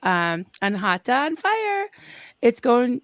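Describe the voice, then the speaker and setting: A bubbly woman on a live stream, chatting over a video call and laughing between viewer comments she reads aloud. Her voice sits a bit higher than most women's, and the sound is dry and close with no room around it. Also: big pitch swings, slow, no echo. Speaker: livestream co-host. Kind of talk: casual chat on a live stream.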